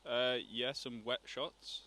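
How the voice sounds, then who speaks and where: A man's voice: mid-range voice, fairly even intonation, takes it slowly, bright, forceful tone. A man with a Geordie accent, a photographer giving brief, mumbled answers outdoors. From north-east England. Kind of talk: casual interview answers. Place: outdoors by a race course in rain.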